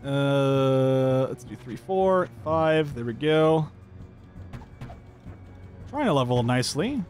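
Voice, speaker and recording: A man's voice: mid-range voice, expressive, slow, a little mellow, faint music behind. A man giving upbeat, chatty let's-play commentary, thinking aloud as he plays. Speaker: gameplay commentator.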